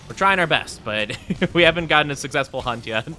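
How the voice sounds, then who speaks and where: A young man chatting casually on a game live stream, playful and jokey, with bursts of mock self-pity and quick laughs. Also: on the high side, lively intonation, sharp tone, slight background noise.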